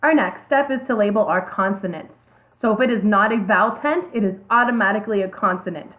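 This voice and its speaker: A woman's voice: mid-range voice, fast talker. Female teacher, patient step-by-step delivery, letters spelled out, narrow phone-like sound. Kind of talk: classroom video lesson. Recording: tinny phone-like audio.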